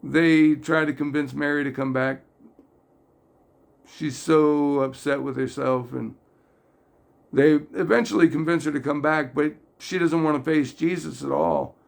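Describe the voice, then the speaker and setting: Slow, gravelly-voiced man talking faith. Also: fairly high pitch. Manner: earnest, rambling, gets loudly excited and emotional. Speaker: religious video host. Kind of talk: casual faith talk to camera.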